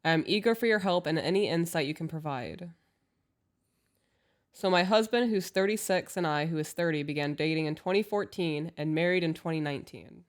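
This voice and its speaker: Low-voiced woman co-hosting, calm. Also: fairly quick. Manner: calm, agreeable, reads listener emails aloud. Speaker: podcast co-host. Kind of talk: casual advice chat.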